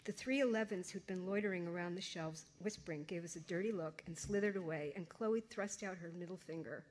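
A woman narrating a first-person novel aloud in a wry, expressive way, voicing a teenage girl. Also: lowish voice, fairly quick, slight background noise. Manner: expressive, wry, voices characters. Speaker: audiobook narrator.

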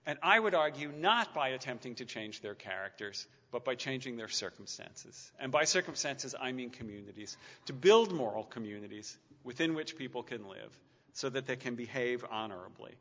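A man's voice: mid-range voice, expressive, moderate pace, fairly bright tone. A man giving a public talk and then answering questions, with dry wry humor and many stammered restarts. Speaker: lecturer taking audience questions. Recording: muffled lecture-hall recording with long reverb.

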